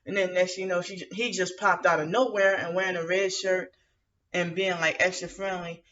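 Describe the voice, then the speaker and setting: A woman's voice: fairly low pitch, fairly even intonation, moderate pace, fairly bright tone, slight background noise. A woman venting in a rambling, aggrieved monologue, full of fillers and restarts. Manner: aggrieved, indignant. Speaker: vlogger. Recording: muffled lo-fi audio from some distance to the mic.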